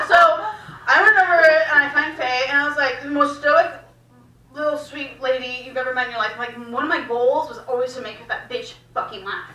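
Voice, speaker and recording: High, bright woman doing stand-up. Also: brisk, distant mic, a little hiss or hum. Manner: animated, profane, laughing through the story. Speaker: stand-up comedian. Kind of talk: stand-up storytelling. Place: small cafe comedy room. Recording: echoey room, mic heard from afar.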